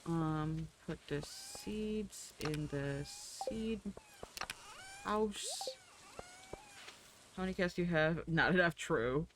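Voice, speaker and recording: A woman's voice: deep voice, lively intonation, drawn-out words, long pauses, noisy background. A woman streamer chatting casually while playing a farming game, swearing freely and cooing at her in-game animals. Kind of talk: casual gameplay chat.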